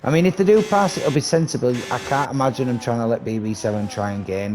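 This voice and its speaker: A man giving casual, excitable live commentary on a sim racing league, chatty and swearing casually, with game noise behind him. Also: mid-range voice, quick pace. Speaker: race commentator.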